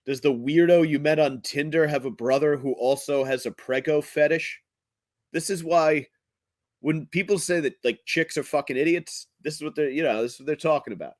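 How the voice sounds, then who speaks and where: A man hosting his own comedy show, delivering a profane rant in a blunt, crude, halting way. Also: a little high, no echo. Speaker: podcast host and comedian.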